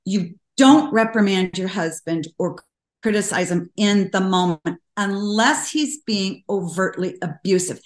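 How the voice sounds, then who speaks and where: An older woman speaking as a guest in an interview, telling stories earnestly and getting animated when she quotes people. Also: medium pitch, measured pace. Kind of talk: conversational interview. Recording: roomy echo.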